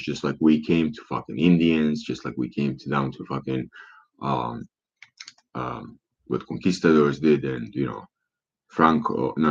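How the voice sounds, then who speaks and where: A man's voice: rumbling low, vocal fry, husky. A man talking in a profane, rambling monologue full of rhetorical questions, on a dull lo-fi recording.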